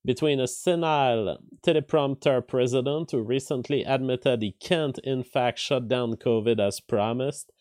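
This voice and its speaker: A man's voice: mid-range voice, a little slow, hardly any pauses, darkish tone, no echo. Dry, close-miked male stream commentator. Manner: conversational, thinks aloud with restarts and filler words; reads news headlines aloud, then comments on them. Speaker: live-stream commentary host. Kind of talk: casual political and news commentary.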